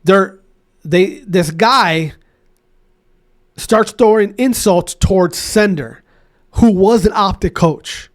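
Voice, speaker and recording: A man's voice: high voice, slow, long pauses. A man hosting his own podcast, ranting in a loose, repetitive way with many restarts. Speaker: podcast host. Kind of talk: solo podcast rant.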